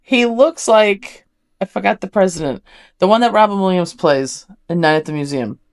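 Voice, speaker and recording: A woman's voice: fairly low pitch, animated, fairly quick. A woman co-hosting a reaction video, teasing her partner playfully. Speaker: reaction channel co-host. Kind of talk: casual reaction chat.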